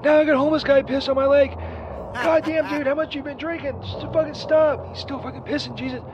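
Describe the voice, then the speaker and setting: A crude, hapless saint with a strikingly high, squeaky voice that rambles and curses, easily set off into rage. He is calling from a half-broken street phone booth. The sound is a muffled phone line with faint hiss. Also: steady tone, fast talker. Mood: furious. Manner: rambling, profane, easily enraged. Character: crude, hapless grown male saint stranded on the road.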